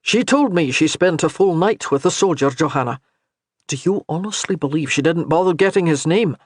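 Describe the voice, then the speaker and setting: A man's voice: fairly high pitch, normal speed, no echo, natural voice. Man voicing a formidable clan chief, stern, blunt, firm, dry sound.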